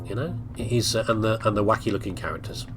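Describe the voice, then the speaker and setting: Over music, a man hosts a casual let's-play, rambling through his commentary and laughing often. His voice is fairly low and fast.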